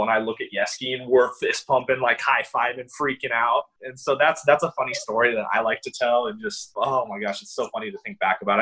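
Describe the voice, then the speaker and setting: A young man, a former college baseball player, telling stories in an interview in an animated, excitable way, full of "like" and "you know". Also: medium pitch, breathy edge, low-quality recording. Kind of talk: casual interview storytelling.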